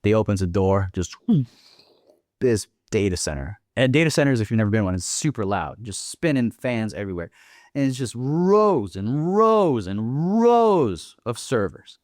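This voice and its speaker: As a podcast guest, a young man tells a war story, swearing freely and acting out quoted dialogue. His fairly low voice swings widely in pitch at a moderate pace, a little mellow, in a dry studio-quality recording.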